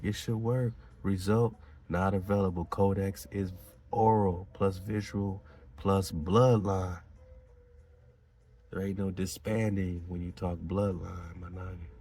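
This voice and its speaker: A man's voice: sits low, fairly even intonation, unhurried, darkish tone. A man hosting a talk show, reading aloud and commenting in a preachy, emphatic way with slangy asides. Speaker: podcast host.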